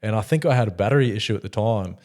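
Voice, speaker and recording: A young Australian man rattles off stories at a quick clip, sprinkling in swears and laughter as he goes. His delivery is loose and animated, the kind of casual yarn-spinning you hear between mates on a podcast. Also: fairly low pitch. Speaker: podcast guest. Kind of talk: casual storytelling chat.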